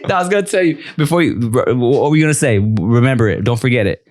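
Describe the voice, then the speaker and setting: Animated man telling stories on a podcast. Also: medium pitch, fast. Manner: animated storyteller acting out dialogue. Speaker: podcast host. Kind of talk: casual chat.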